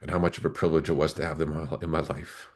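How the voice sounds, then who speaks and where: As a podcast guest, a man in his forties who used to be a police officer tells an emotional personal story with earnestness. His voice rumbles low and darkish, delivered fast and flat.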